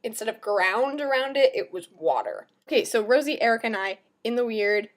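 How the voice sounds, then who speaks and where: A young woman telling a story to her camera in a casual, chatty way, with lots of "like" and quick asides. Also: a little high. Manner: chatty and animated, heavy use of "like". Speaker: vlogger in a group channel.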